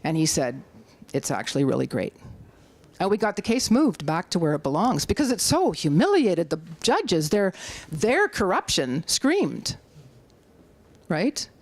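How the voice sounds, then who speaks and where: Unhurried and in a dry recording, a middle-aged activist with a Canadian accent speaks animatedly to a community hall crowd. She works to rally them, acting out quotes in a high voice.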